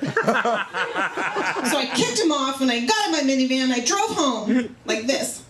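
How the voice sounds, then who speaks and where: A woman in her thirties doing a stand-up comedy set in a bar, telling bawdy stories with animated, acted-out quotes. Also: high-pitched, a little slow, crowd noise. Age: 30s. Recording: echoey club with loud noise. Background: audience laughter.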